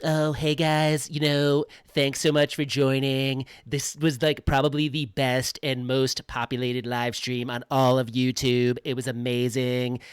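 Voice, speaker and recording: A brash, self-satisfied rich politician, put on by a man for a comic impression, piling one superlative on another. The voice is loud and full of bragging. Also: mid-range voice, flat delivery, a little slow, hardly any pauses, clean tone, dry recording, studio quality, lightly acted. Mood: boastful.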